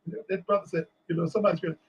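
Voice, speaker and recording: A man from Washington, D.C., a guest on a talk show, telling lively stories and acting out what people said. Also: sits high, racing, breathy edge, dull audio. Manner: animated storyteller acting out quotes. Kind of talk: storytelling in a casual interview.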